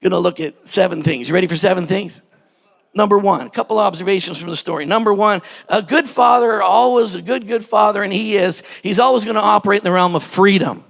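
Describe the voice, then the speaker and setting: A high-pitched man preaches with lively, animated delivery, slipping into character voices and rising to shouts at the peaks. His voice rings through a church hall with a long, trailing reverb. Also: fast, vocal fry. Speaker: pastor. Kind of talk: sermon.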